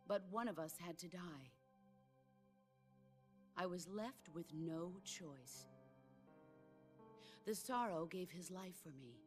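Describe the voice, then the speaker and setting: A legendary woman soldier from a video game, speaking with calm, measured gravity. Her voice sits somewhat low and steady, never rushing. Faint game music hums beneath her words. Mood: solemn. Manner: calm, measured, solemn delivery. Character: legendary female soldier, middle-aged, stoic and grave. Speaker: game character. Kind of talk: video game cutscene dialogue.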